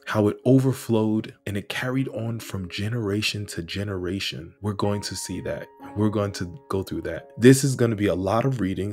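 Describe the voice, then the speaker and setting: A man hosting a casual online Bible study who talks to viewers in an earnest, heartfelt way and speaks prayers aloud. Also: on the low side.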